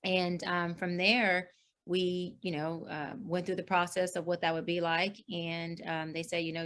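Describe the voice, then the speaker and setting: A middle-aged woman life coach tells her story in an interview. She is earnest and expressive, and she acts out what others said in lively voices. Her voice sits slightly low, and her speech runs with fillers and restarts. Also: a little slow.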